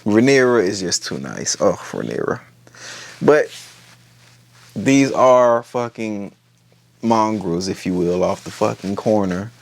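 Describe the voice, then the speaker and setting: A man's voice: on the low side, lively intonation, takes it slowly, vocal fry, pauses often. A man giving a casual, gossipy and profane episode recap, full of slang. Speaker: TV show reviewer.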